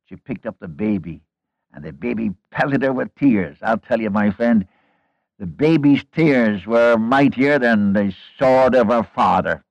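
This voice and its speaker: A man's voice: medium pitch, animated, a little slow, creaky, no echo, rough recording. Earnest storytelling preacher man. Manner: earnest, storytelling with rhetorical questions and folksy asides. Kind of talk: sermon.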